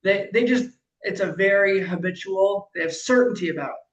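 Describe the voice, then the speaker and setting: A man coaching a client in casual conversation, emphatic and animated, swearing freely and acting out quotes loudly. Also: high-pitched, moderate pace, roomy sound, muffled recording. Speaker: life coach.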